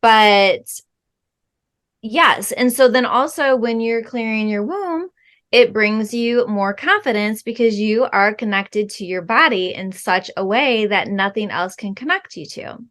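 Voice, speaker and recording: In a somewhat high voice, a middle-aged spiritual healing guide takes interview questions. She answers earnestly and slowly, choosing her words with care and easing in soft fillers.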